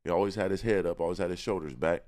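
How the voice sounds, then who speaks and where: A man's voice: deep voice, rapid-fire, darkish tone. A young man, a rapper guest on a podcast, talking about himself with boastful confidence and street slang. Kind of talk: casual interview talk.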